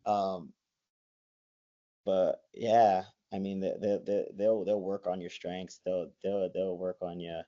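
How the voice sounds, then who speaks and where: A man's voice: deep voice, little pitch movement, takes it slowly, dark tone. A young man in his twenties, a college wrestler, chatting as a guest in a rambling way, full of likes and restarts. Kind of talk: casual interview. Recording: dull lo-fi sound.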